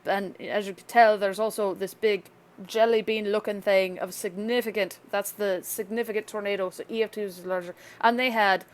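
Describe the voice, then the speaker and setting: A woman's voice: mid-range voice, steady tone, moderate pace. A woman casually talking through a severe weather outlook, chatty and loose, with offhand asides and frequent self-corrections. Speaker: weather vlogger.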